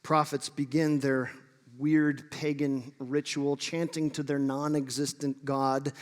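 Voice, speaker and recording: A man's voice: medium pitch, little pitch movement, slow pace, big-room sound. A man preaching a sermon, reading scripture aloud and breaking in with playful, sarcastic asides. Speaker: pastor. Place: church sanctuary.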